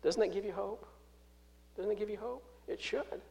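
High-voiced male preacher, emphatic. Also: creaky. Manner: emphatic, big swings in pitch and loudness, slows on key phrases; reads scripture aloud and explains it. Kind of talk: sermon.

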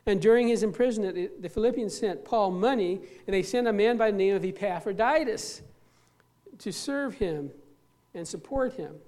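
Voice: medium pitch, darkish tone. Earnest pastor preaching a sermon. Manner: earnest, emphatic, slows down to stress key words; repeats and restarts phrases while preaching.

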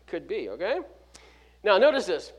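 A man preaching a sermon, stressing key words and dropping from loud to hushed, with restarts and 'uh' fillers. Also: sits high, big pitch swings, measured pace, husky. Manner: emphatic preaching with sharp swings from loud to hushed; fills gaps with 'uh' and restarts words mid-phrase. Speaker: pastor.

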